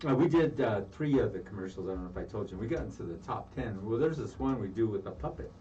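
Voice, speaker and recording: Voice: medium pitch, expressive, fast talker, dark tone. A radio show co-host in casual banter, joking and teasing and laughing often. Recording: distant, dull mic with faint noise.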